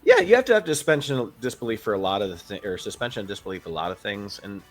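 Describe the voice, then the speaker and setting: Relaxed low-voiced male podcast co-host, chatty, light music bed. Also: fast. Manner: relaxed, rambling, many ums and uhs. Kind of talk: casual film review chat.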